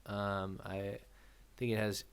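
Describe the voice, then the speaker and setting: A tired man co-hosting a film podcast, talking quietly and casually. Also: fairly low pitch, level tone, takes it slowly, clean tone. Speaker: podcast co-host. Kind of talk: casual chat.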